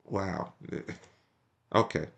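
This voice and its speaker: A man's voice: extremely slow, fairly bright tone. A man giving profane, mocking reaction commentary, laughing often. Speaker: commentary streamer reacting to a speech.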